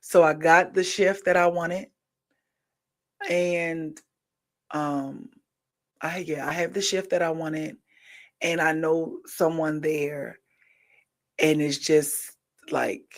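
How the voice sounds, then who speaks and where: Slow-talking emotional woman podcast host. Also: low voice, steady tone. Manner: emotional, rambling, repeats herself. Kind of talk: candid personal monologue.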